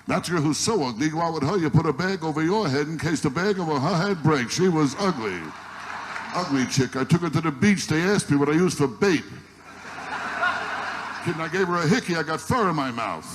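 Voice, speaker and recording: A man's voice: a little high, animated, a little fast. A man doing a stand-up comedy set on stage, firing off one-liners in an exasperated, complaining way. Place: live stage before an audience. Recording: noisy archival live recording.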